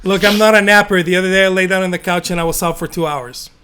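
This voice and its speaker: A man's voice: high voice, fairly even intonation, fast talker, sharp tone, slight background noise. A man in his forties hosting an interview, asking questions in an enthusiastic, chatty way over a video call. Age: 40s. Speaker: interviewer, host.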